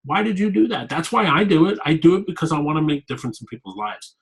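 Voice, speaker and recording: A man's voice: on the high side, animated, quick pace, poor audio. A man being interviewed about his work as a fitness coach, talking candidly and rambling, often repeating himself. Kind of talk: casual interview talk.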